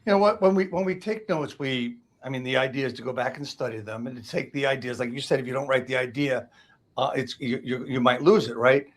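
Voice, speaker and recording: A man hosting a casual interview, asking questions in a halting way with frequent restarts. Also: medium pitch. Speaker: host.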